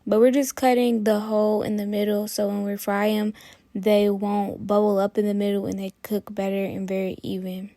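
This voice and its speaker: A woman hosting a cooking channel, talking viewers through a recipe in a chatty, relaxed way. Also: mid-range voice, normal speed, a little hiss or hum. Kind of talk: casual cooking tutorial.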